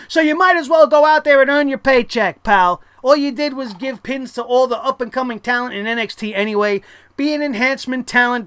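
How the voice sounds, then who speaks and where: A blunt, sarcastic reviewer tears into the latest show, swearing freely and breaking into loud exasperated outbursts. Their voice sits at an ordinary middle pitch and sounds close and dry, with no room behind it. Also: smooth, no room sound. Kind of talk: casual ranting show review.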